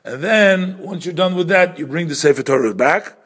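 A man with an of giving an informal religious lesson, explaining step by step and often pausing, repeating words and correcting himself. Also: on the high side, fairly bright tone. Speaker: teacher explaining prayer customs.

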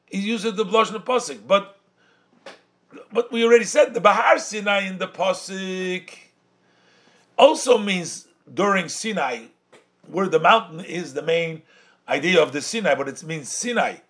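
A man's voice: high-pitched, a bit bright. Man giving a Torah study lesson. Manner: mixes English with Yiddish and Hebrew terms, sing-song study cadence; explains by translating phrases, then restating them. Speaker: Torah teacher. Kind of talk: Talmudic-style study lesson.

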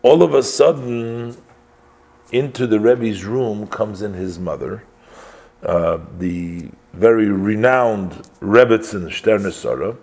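A man telling a story in a religious lesson, halting, with frequent pauses and self-corrections. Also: lowish voice, gravelly, darkish tone. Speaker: religious teacher.

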